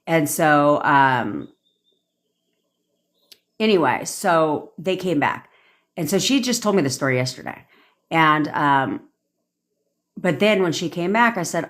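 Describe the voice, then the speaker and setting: A woman's voice: low voice, expressive, measured pace, pauses often, a bit bright. A woman manifestation coach on a livestream, ranting bluntly with swearing and acting out quoted lines. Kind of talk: livestream rant.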